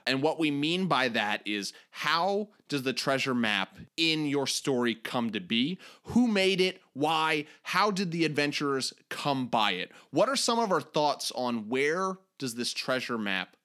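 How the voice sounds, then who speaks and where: Brief: upbeat male podcast host, animated pitch, laughs readily. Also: unhurried, hardly any pauses. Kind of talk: casual podcast chat.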